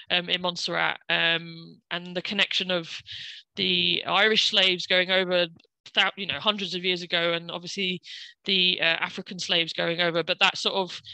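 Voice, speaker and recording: A woman's voice: lowish voice, pushed and bright, clean tone, no echo, rough recording. A woman who works at an Irish community centre, speaking on a panel and telling chatty anecdotes in which she acts out what people said. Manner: chatty anecdotal storytelling, acting out quotes. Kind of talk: panel conversation.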